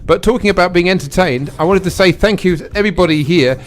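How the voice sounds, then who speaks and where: A man's voice: high-pitched, quick pace, soft background music. A man in his thirties with an English accent, hosting a local radio show in rambling, self-mocking studio chat.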